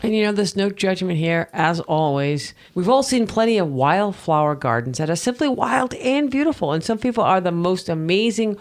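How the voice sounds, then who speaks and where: A man's voice: high voice, expressive, normal speed, hardly any pauses. A man co-hosting a podcast, chatting casually and joking around. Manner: playful, joking. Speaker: podcast co-host.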